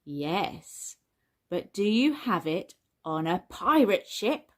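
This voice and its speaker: A woman's voice: medium pitch, very animated, takes it slowly. A woman voicing Daddy Pig, a jolly and playful father pig, in a children's story reading. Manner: hearty and playful. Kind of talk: storybook character voice.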